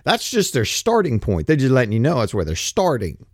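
A man's voice: medium pitch, wildly swooping pitch, a little fast, no echo, studio quality. A man giving a blunt, profane, rambling opinion monologue. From United States. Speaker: commentator.

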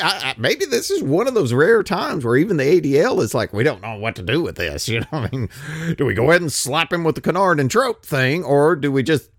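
A man's voice: medium pitch, no room sound, studio quality. A man giving a rambling, sarcastic political monologue who laughs often. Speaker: political commentator.

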